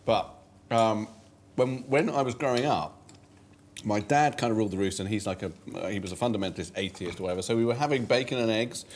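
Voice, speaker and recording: A man's voice: on the low side, a little fast, slight background noise. A middle-aged man with an English accent, a guest chatting wryly and joking over dinner. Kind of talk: casual dinner conversation.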